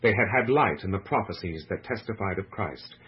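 A man narrating a religious book with a slow, measured, solemn delivery, heard on a muffled lo-fi radio recording. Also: low-pitched, expressive, breathy edge.

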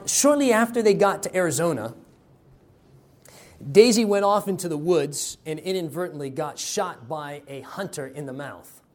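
A man preaching a sermon, telling a story with dramatic swings in loudness. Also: high-pitched. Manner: dramatic, varies loudness for effect.

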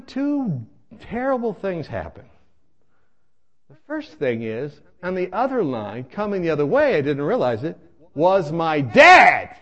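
A man telling a comic personal story in an animated way, acting out voices and laughing as he goes. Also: a little high, highs cut off.

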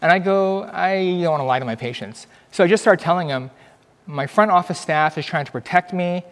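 A middle-aged man, a doctor, giving an earnest, conversational testimony talk at church with animated storytelling. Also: sits high, fairly quick, long reverb tail. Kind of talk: church presentation, personal testimony.

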